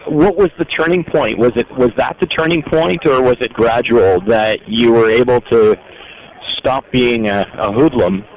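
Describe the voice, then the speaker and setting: A male host asking a guest earnest, somewhat halting questions. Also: lowish voice, dull audio. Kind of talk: interview questions.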